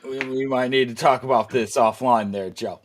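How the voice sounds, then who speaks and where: A man's voice: medium pitch, fairly even intonation, moderate pace, noisy background. A man in a casual chat who teases the others and laughs often.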